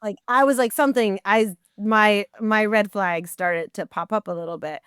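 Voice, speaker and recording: A woman guest telling a story in a podcast interview, animated and acting out dialogue with incredulous asides. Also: medium pitch, moderate pace, clean tone, no echo, studio quality. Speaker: guest, burlesque performer.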